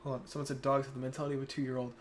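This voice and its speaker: A man's voice: mid-range voice, level tone, very fast, slight background noise. Reflective young man, casual stream talk. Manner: reflective, soft-spoken when emotional. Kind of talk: casual chat.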